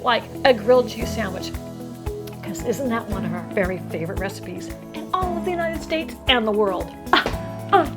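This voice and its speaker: A woman with a fairly high voice hosts a cooking demonstration, upbeat and quick to exclaim over the food. She sometimes talks with her mouth full. Soft music plays faintly behind her. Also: big pitch swings. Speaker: cooking show host.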